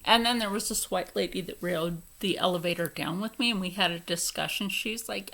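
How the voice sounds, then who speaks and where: A woman's voice: lowish voice, fairly quick, creaky, hardly any pauses, bright, forceful tone. A young woman with a Philadelphia accent ranting to camera, profane, indignant and emphatic. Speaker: vlogger. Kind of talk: angry rant to camera.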